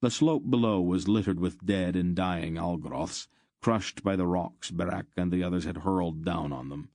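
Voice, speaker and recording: A man reading a fantasy novel aloud as an audiobook narrator, in steady, measured storytelling. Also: low voice, no echo.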